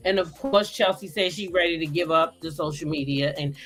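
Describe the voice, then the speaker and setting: A woman host recapping soap opera episodes in a casual, sassy chat with animated storytelling. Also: sits low, fairly quick.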